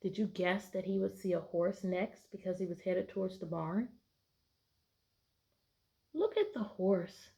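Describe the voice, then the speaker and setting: A woman with a mid-range, gravelly voice reads a picture book aloud to her class at a measured pace, leaving long pauses. Between pages she patiently asks prediction questions, and she gives the story animals bright, playful voices.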